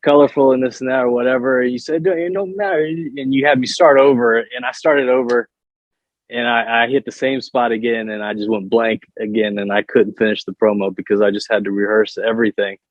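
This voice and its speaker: A man's voice: mid-range voice, level tone, a little fast, no room sound, highs cut off. A man guest telling wrestling stories in casual chat, often stumbling and repeating words as he starts a sentence. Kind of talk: casual storytelling on a podcast.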